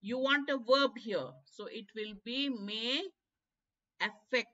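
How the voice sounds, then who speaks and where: Bright Indian woman teaching online. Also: a little high, slow pace. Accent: Indian English. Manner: explains step by step, code-switching into Hindi. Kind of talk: live online exam-prep class. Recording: dull lo-fi stream audio.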